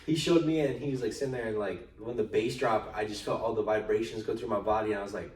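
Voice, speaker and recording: A man's voice: lowish voice, steady tone, quick pace, a little mellow. A young man co-hosting a podcast in casual chat, telling long rambling stories full of slang and swearing. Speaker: podcast co-host. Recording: roomy echo, far from mic, faint noise.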